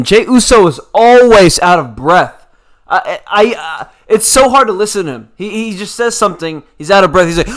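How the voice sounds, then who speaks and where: A man's voice: sits high, fairly bright tone. Rambling man recapping wrestling. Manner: opinionated, rambling, filler-heavy. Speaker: wrestling show reviewer. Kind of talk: casual recap commentary.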